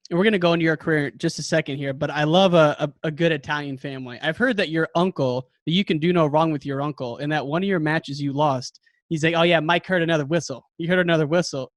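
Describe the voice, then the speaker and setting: Male podcast host, eager interviewer, high-ish voice, dry studio sound. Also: brisk, a bit bright, no room sound. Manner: enthusiastic, laughs often. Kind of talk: casual interview.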